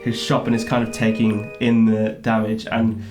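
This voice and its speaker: A man running a tabletop game, narrating haltingly with many ums and laughs. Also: lowish voice, monotone, a little mellow, soft background music. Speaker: game master.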